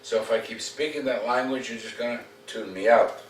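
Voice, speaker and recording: A man's voice: medium pitch, a little fast. Direct, joking man training owners. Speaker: dog trainer. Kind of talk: coaching dog owners at home. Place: home, indoors. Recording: roomy, distant, faint background noise.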